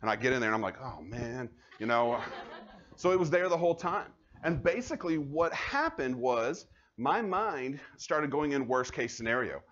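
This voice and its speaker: A man, a police officer giving a live safety training talk, conversational and animated as he tells stories to the audience. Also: mid-range voice, moderate pace, highs cut off. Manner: conversational, animated storytelling, addresses the audience directly. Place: university room before an audience.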